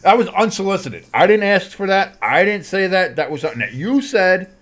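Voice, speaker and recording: A man's voice: high voice, expressive, a little fast, a bit bright. A man co-hosting a casual sports podcast, playful and teasing, often slipping into goofy voices. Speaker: co-host.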